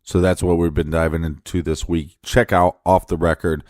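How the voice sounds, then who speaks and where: Deep voiced guy cohosting a crime podcast, blunt, kinda mocking, dry close sound. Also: flat delivery, moderate pace, darkish tone, no echo. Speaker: podcast co-host. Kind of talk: casual true crime podcast chat.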